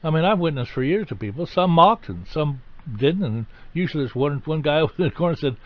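A man's voice: a little high, lively intonation, fairly quick, hardly any pauses. A man preaching a sermon, teaching in a conversational way and rising to stress key points. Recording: slightly dull, lo-fi recording.

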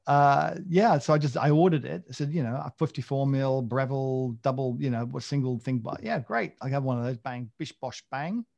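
A man with a mid-pitched, gravelly voice, chatting loosely on a podcast. He rambles and pokes fun at himself, with many fillers and restarts. His voice has a rough, crackly edge. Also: a little fast, few pauses, darkish tone, lo-fi sound. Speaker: podcast co-host. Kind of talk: casual chat.

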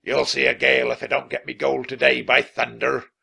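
A man voicing a gruff, growling pirate captain in a storybook reading. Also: mid-range voice, level tone, brisk, bright, forceful tone, pitched above the performer's own voice, heavily acted. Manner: growling, roaring. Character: gruff one-eyed male pirate captain.

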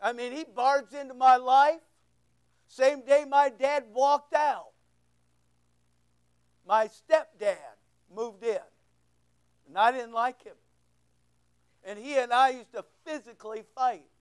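Orta yaşlı erkek vaiz, tiz sesli, kilisede sohbet havasında vaaz veriyor. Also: male voice, very high-pitched, steady tone, takes it slowly, long pauses, clean tone, rough recording. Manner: conversational, repeats words, asks the room questions. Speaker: pastor. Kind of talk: sermon. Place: church.

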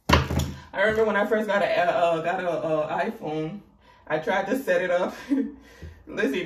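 A woman with a West African accent giving a casual, sassy tarot reading, with big swings in pitch as she talks. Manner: sassy and animated, with big swoops in pitch and laughter. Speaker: tarot reader. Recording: roomy, distant mic with faint noise.

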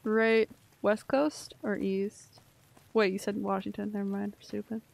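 A woman's voice: mid-range voice, level tone, unhurried, gravelly, a little mellow. A young woman streaming a video game, chatting casually and rambling, swearing freely and poking fun at herself. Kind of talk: casual gameplay commentary.

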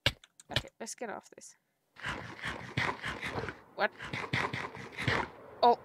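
Woman, high voice, gameplay commentary, melodramatic, mock sobbing, chats to animals. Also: expressive, a little slow, long pauses, background noise. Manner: talks to herself and to in-game animals. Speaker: streamer playing a survival game.

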